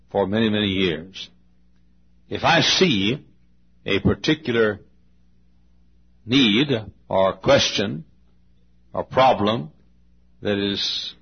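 Male pastor, sermon, emphatic and repetitive, husky voice, dull lo-fi sound. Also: on the low side. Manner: slow, emphatic preaching with repetitions and direct appeals to listeners. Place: large auditorium.

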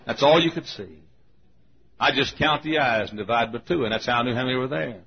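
An older man with a Southern US accent, preaching in a folksy, animated storytelling style. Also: mid-range voice, fairly quick, vocal fry, a little hiss or hum. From Southern United States. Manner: folksy, animated, hollers and laughs. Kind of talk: storytelling sermon. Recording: dull lo-fi recording.

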